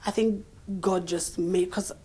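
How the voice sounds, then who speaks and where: A young adult woman chatting as an interview guest, lively and expressive, restarting sentences and laughing easily. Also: fairly low pitch, measured pace. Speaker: interview guest, actress and voice artist. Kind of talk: casual interview chat.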